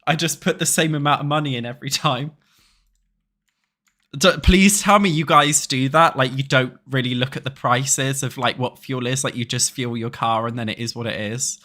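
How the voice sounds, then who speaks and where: A man's voice: medium pitch, fairly even intonation, brisk, few pauses, bright, forceful tone. A young British man streaming a building game, chatting casually with viewers and swearing freely. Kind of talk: casual chat while playing a building game.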